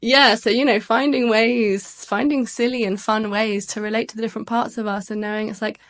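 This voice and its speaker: A woman's voice: fairly high pitch, steady tone, fairly quick. A woman, a relationship coach, talking playfully in a casual podcast conversation and laughing at herself.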